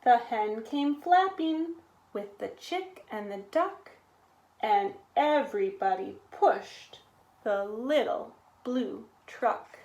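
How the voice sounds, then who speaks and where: A woman reading a children's picture book aloud at storytime, animated and sometimes asking the listeners to join in. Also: on the high side, slow, reverberant. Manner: animated, with sound effects and call-and-response. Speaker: storytime reader.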